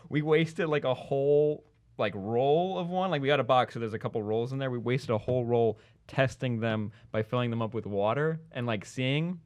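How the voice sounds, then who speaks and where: A man's voice: mid-range voice, moderate pace, a little mellow, no room sound. Hesitant young man, dry close sound. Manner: hesitant, filler-heavy. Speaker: podcast co-host. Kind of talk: casual chat.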